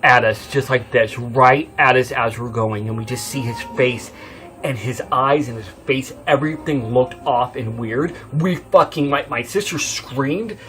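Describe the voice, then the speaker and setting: A man telling a true horror story in a casual, rambling way, swearing often and swinging from hushed to loud. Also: medium pitch, normal speed. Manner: rambling, swears often, many fillers and restarts.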